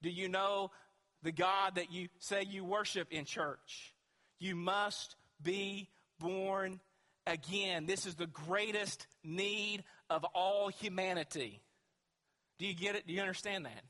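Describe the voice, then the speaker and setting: Emphatic high-voiced male pastor preaching. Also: slow, bright, forceful tone. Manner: emphatic, asks the congregation rhetorical questions. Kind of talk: sermon. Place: church sanctuary with long reverb. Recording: reverberant church hall.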